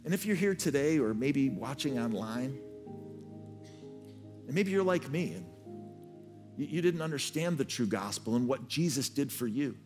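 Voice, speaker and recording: A man preaching a sermon as pastor. He tells his story earnestly and often repeats words as he restarts. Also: medium pitch. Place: church stage.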